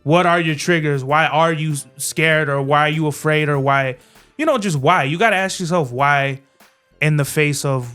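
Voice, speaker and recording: A man's voice: a little high, moderate pace, a bit bright, clear, resonant tone, soft background music. A young man as a podcast guest, talking in a laid-back, slangy way with frequent hesitant restarts. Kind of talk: casual chat.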